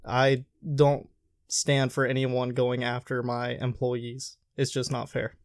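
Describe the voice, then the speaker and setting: Young guy telling restaurant job stories, gets animated doing the voices, dry close sound. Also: mid-range voice, slow, no echo. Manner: animated retelling, acts out quoted lines. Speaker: podcast host telling work stories. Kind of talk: casual storytelling chat.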